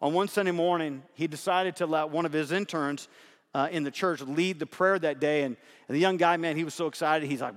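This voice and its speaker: A pastor preaches a sermon in a church sanctuary, his voice on the high side and fairly quick. He talks conversationally, moving between soft asides and emphatic repeated lines, and the hall is reverberant.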